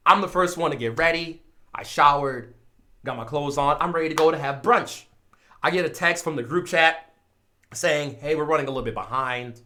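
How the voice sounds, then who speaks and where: A man streamer, from Chicago, telling a casual story with lively swings between mumbled asides and loud exclaims. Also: on the high side.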